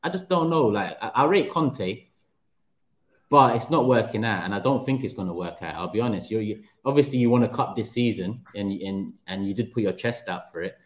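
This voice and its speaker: A man's voice: on the low side, fairly quick. A man, a football podcast panelist talking hesitantly and thinking aloud as he goes. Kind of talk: casual chat. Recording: echoey room.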